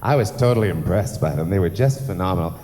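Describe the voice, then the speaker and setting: A man's voice: deep voice, lively intonation, fast, mellow. A man working as master of ceremonies at a live benefit concert, chatty and gushing, teasing himself and throwing in playful swearing. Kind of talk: live stage emceeing. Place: large theatre stage. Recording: long theatre reverb, faint background noise.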